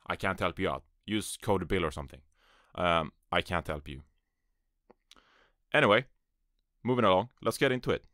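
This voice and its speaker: Deep-voiced rambling man, lively pitch. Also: normal speed, pauses often, no room sound, clean studio sound. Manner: rambling, self-deprecating, offhand. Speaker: podcast host. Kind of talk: casual solo esports podcast. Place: small closet. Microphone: USB microphone.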